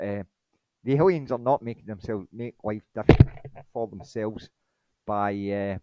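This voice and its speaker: A man's voice: lowish voice, noisy background. A man giving a rambling, indignant monologue presentation that dismisses his critics.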